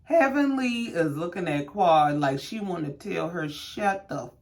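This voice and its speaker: A sassy woman in her thirties hosting a casual reality-TV recap. She talks in slang-filled, animated storytelling. Her pitch swings widely as she tells it. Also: measured pace.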